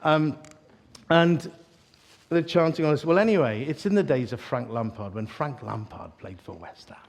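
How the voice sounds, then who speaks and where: Guy preaching, lively storyteller, cracks jokes, asides to the crowd, mid pitch. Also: moderate pace, vocal fry. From East London. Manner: animated, joking storyteller with asides to the audience. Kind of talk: sermon.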